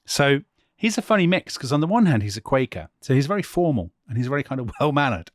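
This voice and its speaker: A man co-hosting a history podcast, telling a story in animated, casual conversation and laughing often as he goes. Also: medium pitch, fast, no echo, clean studio sound.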